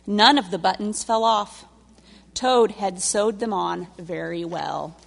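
Woman reading a children's story aloud, slow and steady, long hall echo. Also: medium pitch, gravelly. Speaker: story reader. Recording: long reverb of a large hall.

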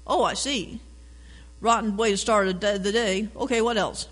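A man voicing a gentle grandfather in a picture book, speaking softly and patiently. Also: sits high, normal speed, big-room sound. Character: calm, gentle grandfather teaching meditation.

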